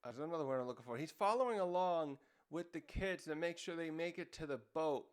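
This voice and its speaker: A man with a fairly high, clear, resonant voice casually recaps a manga chapter as a review host, rambling, searching for words and using lots of fillers. He acts out character lines in quick raised voices.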